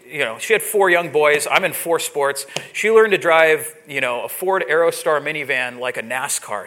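A man in his forties preaching a sermon, telling a personal story in a lively, storytelling way. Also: fairly high pitch. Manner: storytelling, animated, gets loud when imitating yelling. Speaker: pastor.

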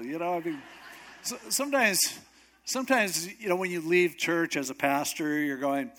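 A male pastor preaching a sermon in a relaxed, joking storytelling voice. His voice sits a little higher than most men's. He moves easily between retelling and wry asides. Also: a little fast.

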